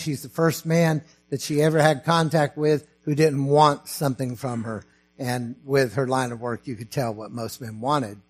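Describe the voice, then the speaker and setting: A man preaching a sermon as pastor, slow and emphatic, rising to fervent preaching. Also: mid-range voice.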